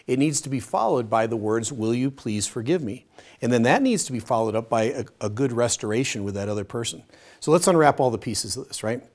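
A man teaching a Bible study session in a conversational, demonstrative way, acting out short everyday dialogues in a softer voice. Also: mid-range voice. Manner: demonstrative, uses a pen as a prop.

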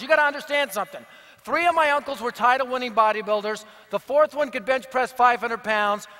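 A man preaching to a large crowd with energetic, joking storytelling. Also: very high voice. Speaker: evangelist speaker. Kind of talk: sermon with humorous storytelling. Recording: long reverb of a big hall.

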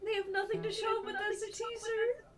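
A young woman streaming a live reaction from home, gushing and tearful with excitement. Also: very high-pitched, normal speed, recorded from a distance, over loud music.

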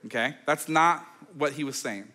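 A man delivers a sermon with a bright, forceful edge to his voice and a somewhat high pitch. He tells the story in a loose, chatty way, peppered with fillers, and acts out the voices of the people in it. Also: normal speed. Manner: animated storytelling, acting out quoted voices; conversational, with many fillers like "like" and "okay". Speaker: pastor.

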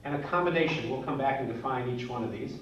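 A man's voice: mid-range voice, fast talker, a bit bright. Folksy man lecturing in a roomy, lo-fi recording. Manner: folksy, jokey explaining with playful asides. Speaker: psychology teacher. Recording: roomy, distant, dull lo-fi with faint hiss.

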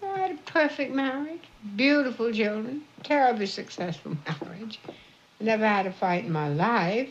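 A woman's voice: a little high, animated, normal speed, slight background noise. Older woman, proud and insistent, lo-fi 1970s film. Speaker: mother, former singer. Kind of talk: candid documentary conversation. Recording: dull lo-fi 1970s film sound.

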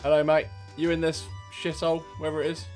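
A man's voice: a little high, completely flat delivery, quick pace, music in the background. A young man giving cheeky, swear-filled gameplay commentary and mocking other players. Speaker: gaming streamer.

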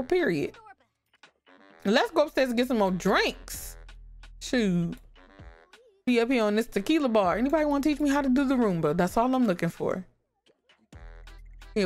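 A woman giving lively, chatty commentary on a life-sim game, talking to her viewers. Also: on the high side. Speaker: gaming YouTuber. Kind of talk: casual gameplay commentary.

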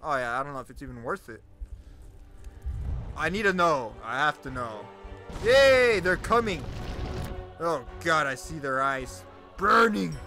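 A young man giving loud, cursing let's-play commentary, yelling at monsters as his voice grows hoarse. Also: on the high side, expressive, measured pace, pauses often, faint music behind. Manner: loud, swearing, talks to the monsters. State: voice getting hoarse. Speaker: gamer.

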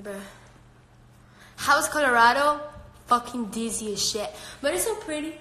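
A woman's voice: fairly high pitch, animated, moderate pace, sharp tone. A woman hosting a casual live stream on her phone at home, brash, profane and laughing often as she chats and talks to her dogs. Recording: echoey room.

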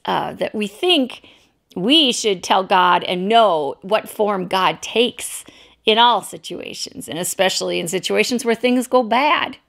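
A woman's voice: mid-range voice, vocal fry, fairly bright tone. A woman pastor preaching a sermon, telling a story in a loose, unscripted way. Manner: storytelling, unscripted with fillers and restarts.

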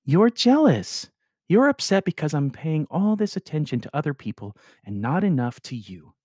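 A man voicing a quirky, playful teenage girl who talks softly and teases. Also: on the high side, big pitch swings, normal speed, no echo, clean studio sound, voice pushed up. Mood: teasing.

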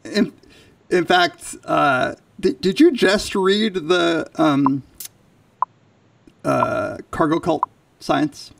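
A male podcast co-host in casual chat, halting with many fillers and restarts, and losing his voice. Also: on the high side, gravelly, recorded from a distance, a little hiss or hum. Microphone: video call.

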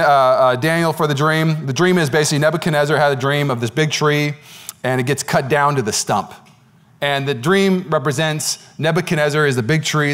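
A man who is a pastor, preaching an energetic sermon that swings from loud exclamations to quiet asides. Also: a little high. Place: church.

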